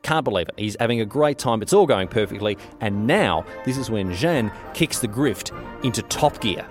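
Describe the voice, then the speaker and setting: A man's voice: fairly low pitch, normal speed, soft background music. A young man hosting a podcast, retelling history in a slangy, jokey way. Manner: slangy, jokey, lively retelling with put-on quotes. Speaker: podcast host. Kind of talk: casual history storytelling.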